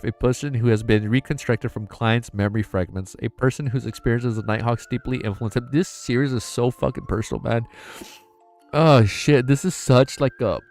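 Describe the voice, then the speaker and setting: A man's voice: mid-range voice, darkish tone. Male streamer reading a novel live, emotional and slangy, trips over words, faint music underneath. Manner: emotional, stumbling over words, laughing at own misreads; casual, slangy, says man and dude a lot. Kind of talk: live-stream read-aloud with chat.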